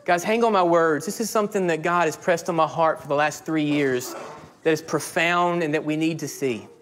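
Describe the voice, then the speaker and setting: A man in his thirties, a pastor preaching a sermon, animated and acting out quoted dialogue. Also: on the high side, normal speed, a little hiss or hum. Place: church sanctuary.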